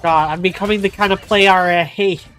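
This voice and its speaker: A woman streaming gameplay, chatting casually with rambling, halting restarts. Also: fairly low pitch, steady tone, a bit bright, clean tone. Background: game music.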